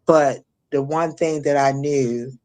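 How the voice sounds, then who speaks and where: A middle-aged woman from Maryland recounting a personal ordeal as an interview guest, halting with many restarts and fillers. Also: low voice, steady tone, a little mellow. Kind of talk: emotional personal testimony.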